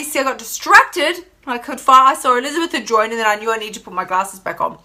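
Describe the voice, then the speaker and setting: A woman's voice: fairly high pitch, expressive, normal speed, bright, forceful tone. An Australian woman hosting a motivational live stream, talking in a sassy, emphatic way and reading viewer comments aloud. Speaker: life coach host.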